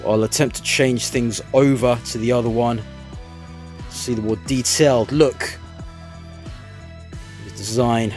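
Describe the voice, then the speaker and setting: A man casually reviewing an action figure, talking in a relaxed, rambling way with hesitant fillers. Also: medium pitch, unhurried, long pauses, faint music behind. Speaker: toy reviewer.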